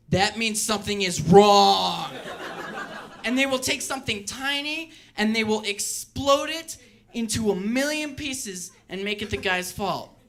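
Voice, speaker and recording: Bright-voiced young male stand-up comic. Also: sits high. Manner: animated storytelling, mimics quoted voices. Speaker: stand-up comedian. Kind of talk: stand-up comedy set. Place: comedy club stage with live audience.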